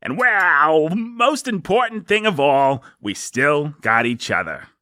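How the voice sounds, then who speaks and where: A man's voice: fairly high pitch, very animated, takes it slowly, pushed and bright, dry recording, studio quality, heavily acted. A man playing a cheery, hapless father who jokes and laughs his way through trouble. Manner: jokey, folksy, laughing through it. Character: goofy, cheery, hapless dad.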